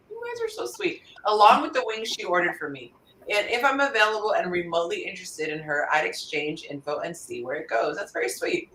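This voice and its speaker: Animated woman host in an echoey room. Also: lowish voice, far from the mic, slight background noise. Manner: animated, laughs often, reads listener answers aloud. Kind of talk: casual panel chat.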